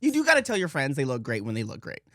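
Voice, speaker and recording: A man co-hosting a casual chat podcast, animated and acting out the voices of people in his stories. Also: mid-range voice, racing, no echo, clean studio sound. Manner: animated, acts out quoted voices. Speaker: podcast co-host.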